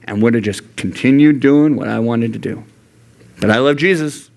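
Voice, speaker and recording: A young adult youth pastor with a creaky voice delivers an earnest sermon at a moderate pace in a church youth room. He often shifts into animated, high voices when quoting God and himself.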